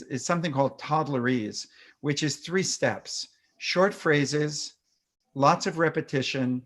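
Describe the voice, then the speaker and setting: Give me a fairly high-voiced male doctor chatting about parenting, who sometimes breaks into demonstrations. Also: fairly bright tone. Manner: explanatory, acts out parent-child phrases; frequent fillers and restarts. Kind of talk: fireside chat webinar.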